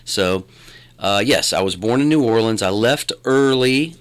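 A middle-aged man with a West Virginia lilt talks as a guest, his low voice swooping up and down with lots of life. He rambles and restarts his sentences as he tells his story. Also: a little slow, smooth. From born in Louisiana, raised in West Virginia. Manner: rambling, animated, restarts often. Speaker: guest, filmmaker and radio announcer. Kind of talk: conversational interview.

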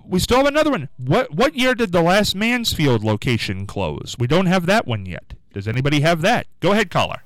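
A man hosting a live radio call-in quiz, with an upbeat, sing-song way of answering callers and a throat going hoarse. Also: fairly high pitch, brisk, few pauses, no room sound, low-quality recording. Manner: lively, upbeat, sing-song when rejecting guesses. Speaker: radio call-in show host. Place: radio studio.

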